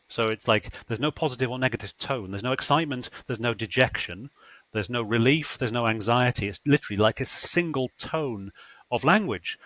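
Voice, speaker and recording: A man hosting a casual conversation, animated and acting out reactions with exclamations as he explains. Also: mid-range voice, no echo. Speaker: host.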